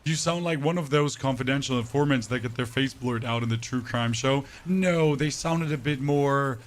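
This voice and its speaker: A man live-streaming a game, chatting casually with his viewers in a flat, monotone delivery. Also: mid-range voice, normal speed. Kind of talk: casual live-stream chat while gaming.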